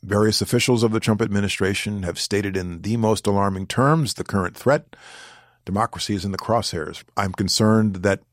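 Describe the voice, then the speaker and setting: Man, deep voice, dry close sound; deliberate, careful interview answers. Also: dry recording. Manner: deliberate, weighs words, pauses to choose phrasing. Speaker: former government official, interview guest.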